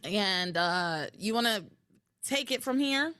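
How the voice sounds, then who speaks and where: A woman co-hosting a podcast, recapping episodes in animated casual chat and acting out quoted lines. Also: medium pitch, slow pace, clean tone, no echo. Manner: animated, recounting with quoted voices. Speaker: podcast co-host.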